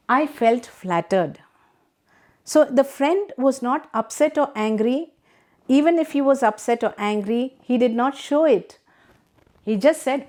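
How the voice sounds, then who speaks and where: Middle-aged Indian English woman teacher, unhurried and patient, explains line by line, slightly high pitch. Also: animated, dark tone. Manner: slow, patient, asks rhetorical questions. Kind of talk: classroom lesson reading and explaining a text.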